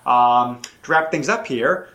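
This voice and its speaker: A man hosting a podcast, upbeat but halting, with many restarts as he passes the floor to guests. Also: mid-range voice, pushed and bright. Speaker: podcast host. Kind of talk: casual podcast chat.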